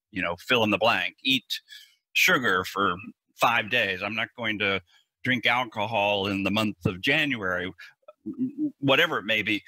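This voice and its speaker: Therapist guy on a podcast, husky voice, keeps restarting his sentences, dry close mic. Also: mid-range voice, pushed and bright, no room sound. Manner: earnest, explanatory, restarts and repeats words. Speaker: anxiety therapist. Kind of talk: explaining in a podcast interview.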